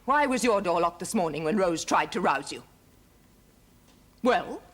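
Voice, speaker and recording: A woman's voice: on the low side, expressive, measured pace. A commanding aristocratic lady. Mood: stern. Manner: commanding, formal, then gently consoling. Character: firm, kindly aristocratic lady of the house. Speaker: mistress of the household. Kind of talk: period television drama.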